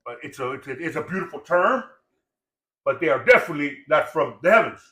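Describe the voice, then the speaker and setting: A man's voice: on the high side, lively intonation, fairly quick, a bit bright, roomy sound. A man of Samoan heritage born in Los Angeles, ranting in profane, repetitive, preachy casual talk. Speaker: podcast guest.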